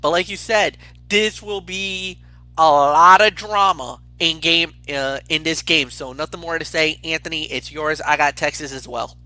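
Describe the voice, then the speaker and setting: A man co-hosting a casual football picks show, talking in an excitable, rambling way with frequent restarts. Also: a little high, a little slow, no room sound. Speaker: co-host picking games. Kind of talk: casual sports picks chat.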